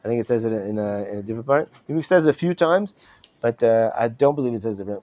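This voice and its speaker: This middle-aged rabbi talks fast, his mid-range, slightly mellow voice full of lively intonation. He teaches an informal Torah class in a study hall classroom, repeating words and asking "right?" again and again, captured in a dull live recording.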